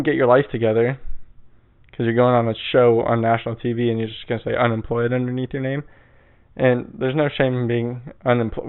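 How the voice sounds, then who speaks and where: A man's voice: medium pitch, clear, resonant tone. A man hosting his own podcast in casual chat, rambling and swearing with lots of fillers. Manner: rambling, profane, full of fillers. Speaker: podcast host. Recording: tinny phone-like sound.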